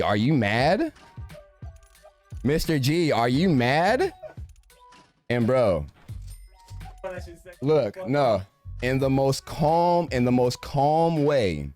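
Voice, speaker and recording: A young man casually telling a story from his own life, in a profane, slangy and animated way, acting out what each person said. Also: medium pitch. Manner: profane, slangy, animated retelling with quoted voices.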